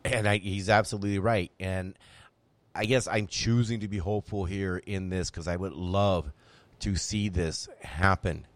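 A man's voice: sits low, moderate pace, dry recording. A man hosting a political talk show, speaking emphatically and repeating phrases to drive his points home. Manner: emphatic, animated, repeats himself when making a point. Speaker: podcast host.

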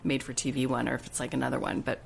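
A woman's voice: rumbling low, rapid-fire, creaky, husky. A woman co-hosting a podcast, chatting casually and bluntly as she recaps a reality show. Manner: blunt, indignant commentary. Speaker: podcast co-host.

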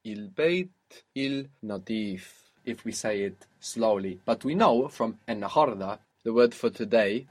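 A man with a fairly low voice gives a spoken Arabic lesson. He explains slowly and patiently, modelling words and asking his student to repeat them. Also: a little mellow, breathy edge. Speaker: Arabic teacher.

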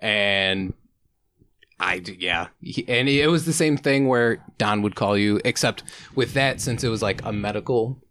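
A man's voice: fairly low pitch, a little slow, fairly bright tone, no room sound. A man co-hosting a podcast, telling a story in a laid-back, casual way and swearing freely. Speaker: podcast co-host.

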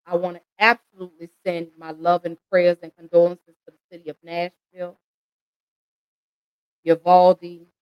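A woman's voice: lowish voice, smooth, no echo, muffled recording. Impassioned American woman, dry close sound. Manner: impassioned, pleading, addresses listeners as y'all. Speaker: host. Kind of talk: emotional commentary.

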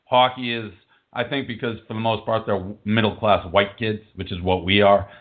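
A man's voice: on the low side, flat delivery, moderate pace. A man hosting a call-in radio show, talking bluntly and rambling casually between callers. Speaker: host taking listener calls. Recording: narrow phone-like audio.

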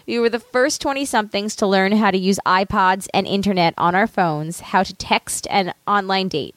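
A woman's voice: mid-range voice, moderate pace, dry recording. A woman in her thirties co-hosting a podcast, reading an article aloud in casual chat and laughing often with jokey asides. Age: 30s. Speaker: podcast co-host.

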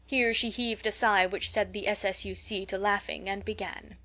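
A woman reading a classic children's book aloud as an audiobook narrator, in a calm, even storytelling manner. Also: medium pitch, moderate pace. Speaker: audiobook reader.

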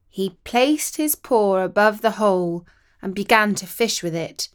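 A woman reading a children's story aloud in a slow, expressive way. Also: medium pitch, smooth.

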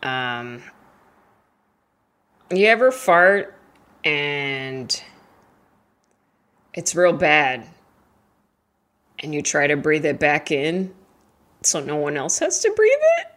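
Doing stand-up, a young woman speaks extremely slowly with long pauses, yet stays very animated and fairly bright in tone. Her set is chatty and self-mocking, wandering off on tangents and switching to squeaky, high-pitched voices for pretend friends.

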